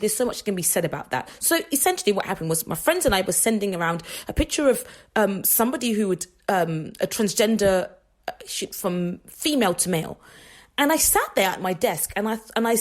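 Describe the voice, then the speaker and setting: A woman hosting a faith radio show, telling personal stories in a chatty, rambling way with frequent laughs and restarts. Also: mid-range voice. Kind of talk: casual faith talk monologue.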